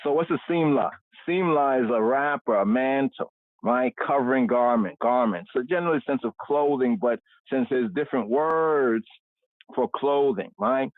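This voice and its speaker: A man of medium pitch leads an unscripted word study of scripture at a moderate pace, tagging nearly every phrase with "right?" and repeating words again and again. The recording is dry with no echo and has a tinny, phone-line quality.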